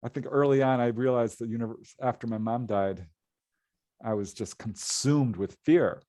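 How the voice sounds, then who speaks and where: A man's voice: medium pitch, moderate pace, no room sound. A middle-aged man with a mid-range voice tells a story with animation and breaks into laughter often. His voice is recorded dry and close. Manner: lively, laughs often while telling a tale. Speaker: guest, paranormal author.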